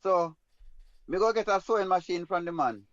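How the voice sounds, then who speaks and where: A man's voice: high-pitched, moderate pace, no room sound, lo-fi sound. A man with a Jamaican accent telling a personal story in an emphatic, rambling way in patois. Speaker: guest storyteller.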